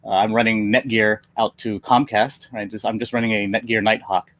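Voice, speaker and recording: A man's voice: fairly low pitch, little pitch movement, normal speed, a bit bright, no echo. A man who is a tech marketing engineer, presenting on a webinar in a casual, upbeat way with some fillers.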